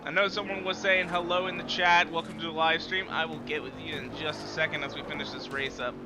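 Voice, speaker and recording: Streamer, man, high-ish voice, loose and profane play-by-play, game engines roaring behind. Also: fast. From United States. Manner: excitable, profane trash talk at rivals. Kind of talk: live gameplay commentary. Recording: loud game engine noise underneath. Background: racing game car engines.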